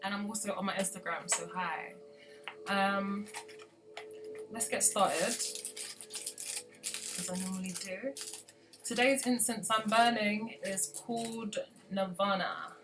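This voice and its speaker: A woman's voice: medium pitch, steady tone, slow pace, pauses often, over music, rough recording. A woman hosting a live stream as a plant grower. She chats casually and rambles through many asides.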